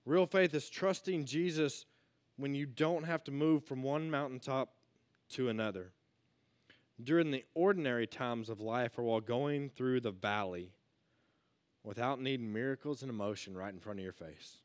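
A man giving a casual youth sermon, energetic and full of rhetorical questions, swinging between loud and hushed. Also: mid-range voice, normal speed. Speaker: youth pastor.

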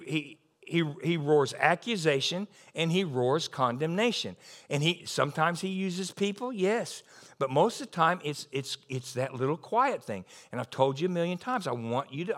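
A man preaching a sermon in an emphatic, lively way, repeating key lines and adding asides. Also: fairly high pitch, normal speed. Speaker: pastor.

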